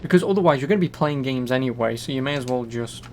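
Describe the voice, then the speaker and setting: A man's voice: medium pitch, fast, slight background noise. A young man giving casual, joking gameplay commentary as a streamer, swearing freely. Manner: chatty, swears, jokes about the game.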